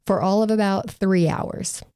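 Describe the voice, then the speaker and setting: A woman's voice: mid-range voice, steady tone, a little slow, mellow, clear, resonant tone, dry recording. A woman co-hosting a true crime podcast, reading from case reports with dry, sarcastic asides.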